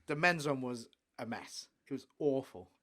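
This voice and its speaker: Brief: male podcast co-host, mid-pitch, casual and enthusiastic sports chat. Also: lively intonation, normal speed. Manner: chatty, enthusiastic, trails off quietly.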